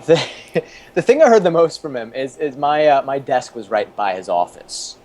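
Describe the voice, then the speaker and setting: A man's voice: mid-range voice, big pitch swings, moderate pace, darkish tone, a little hiss or hum. A man in his thirties, an interview guest and former TV producer, telling stories casually with many restarts and chuckles.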